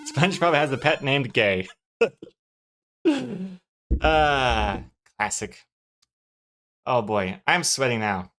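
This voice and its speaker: A man's voice: medium pitch, takes it slowly, long pauses, a bit bright. Guy streaming his comic drawing, kidding around all woe-is-me, normal mid voice. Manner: mock self-pitying, joking. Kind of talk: casual stream banter.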